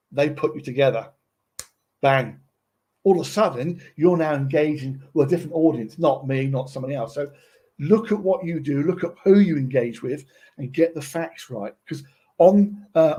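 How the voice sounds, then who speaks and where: A man with a husky, somewhat high voice gives a loose, chatty tutorial. He keeps checking in with his listeners as he goes. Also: expressive, normal speed, dark tone. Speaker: presenter. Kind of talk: casual tutorial talk.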